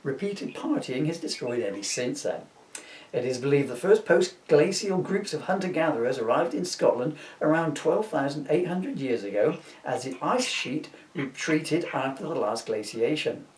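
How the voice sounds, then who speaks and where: A man's voice: fairly high pitch, expressive, moderate pace, darkish tone. A middle-aged man reading his own comedy book aloud, chuckling at his jokes and breaking off into chatty asides. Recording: roomy, distant from the mic.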